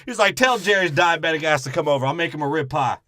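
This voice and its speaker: A man's voice: fairly high pitch, animated, fast talker, pushed and bright, dry recording, studio quality. A man co-hosting a comedy movie podcast, riffing crudely and slipping into character voices. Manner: riffs with put-on character voices. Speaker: podcast co-host.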